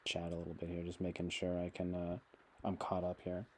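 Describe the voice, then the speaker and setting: A man's voice: low-pitched, completely flat delivery, brisk, darkish tone, slight background noise. A man chatting casually to his livestream viewers, meandering with many fillers and restarts. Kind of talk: casual rambling livestream chat.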